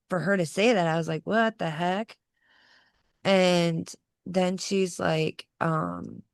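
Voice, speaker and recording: Creaky-voiced woman telling a personal story. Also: fairly low pitch, no echo, clean studio sound. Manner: animated, acts out quoted voices, laughs through the story. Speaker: podcast guest. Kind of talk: personal storytelling in casual conversation.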